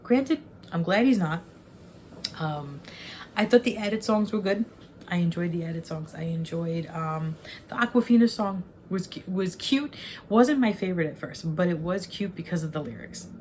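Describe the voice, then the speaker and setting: A woman in her forties talks through a film review in an unscripted, meandering way, often stopping to rephrase herself. Her voice sits low for a woman. She speaks frankly about her feelings. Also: lively intonation, normal speed, a little mellow, slight background noise. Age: 40s. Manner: rambling and self-correcting, openly emotional. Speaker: online movie reviewer. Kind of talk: casual spoken film review.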